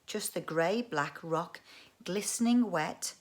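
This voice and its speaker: Woman reading a kids' book aloud, expressive, throws in chatty asides. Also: fairly low pitch, takes it slowly. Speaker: audiobook reader. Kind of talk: storybook read-aloud narration.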